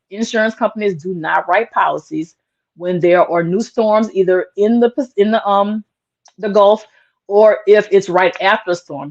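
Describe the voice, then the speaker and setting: A woman's voice: medium pitch, a little mellow. Woman telling her story in an interview, real earnest, says like a lot, kinda muffled lo-fi audio. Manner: earnest, emotional, many "like" fillers. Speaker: interview guest, small business owner. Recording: dull lo-fi sound.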